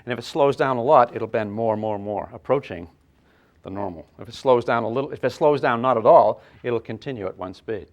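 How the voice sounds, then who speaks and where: An older man teaching a physics class, lively and playful, with sound effects and acted asides. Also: mid-range voice, fairly quick, dull audio. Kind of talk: classroom lecture at a whiteboard.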